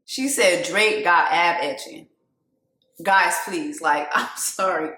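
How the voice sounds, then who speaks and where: A woman giving loud, animated casual commentary on a song, laughing often and jumping between low asides and high exclamations. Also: slow pace, reverberant. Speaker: video host reacting to a song.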